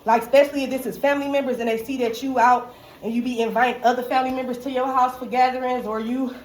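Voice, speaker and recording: A woman's voice: high voice, level tone, fast talker, darkish tone. A woman giving a casual tarot reading, slangy and profane, who keeps checking in with "okay?" and laughs often. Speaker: tarot reader. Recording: echoey room with faint background noise.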